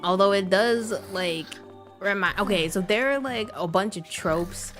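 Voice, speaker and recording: A young woman streamer telling a long story on a livestream, animated and rambling, with lots of filler words and frequent laughs. Her voice sits at an ordinary middle pitch, and soft game music plays faintly underneath. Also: measured pace. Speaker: gaming streamer. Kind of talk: casual livestream chat.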